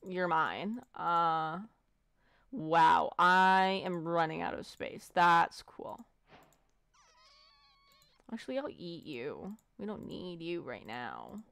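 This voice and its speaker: A woman's voice: on the low side, animated, slow pace, gravelly, pauses often, a bit bright, clear, resonant tone, no echo. A woman casually commentating her gameplay, playful and foul-mouthed, chatting to the animals she meets. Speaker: let's play gamer.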